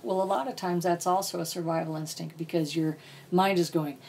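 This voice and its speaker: A woman's voice: fairly low pitch, fairly even intonation, a little fast, creaky, a little mellow, slight background noise. A woman author as a podcast guest, speaking bluntly and profanely about painful experiences. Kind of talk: candid podcast interview.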